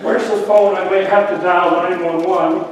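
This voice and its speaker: An older man preaches a sermon, chatting with the congregation and telling playful stories. His voice sits a touch high and carries from a distance. The church is very echoey, with a faint hiss behind him. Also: fairly even intonation, normal speed. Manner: storytelling with playful asides to the congregation. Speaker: pastor. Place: church sanctuary. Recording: echoey church hall from far off.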